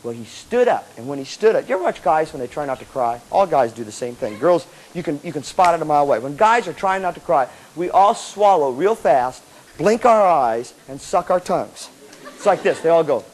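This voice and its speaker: Brief: high-voiced male speaker, animated storyteller, lively live seminar delivery. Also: a little fast. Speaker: motivational speaker to student bands.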